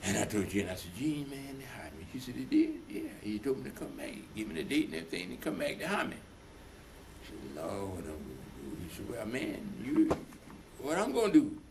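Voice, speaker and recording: A man's voice: mid-range voice, sing-song, brisk, vocal fry, noisy background. An older man in an oral history interview, telling stories at length and acting out the voices of the people in them. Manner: rambling, retells dialogue in voices. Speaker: veteran being interviewed.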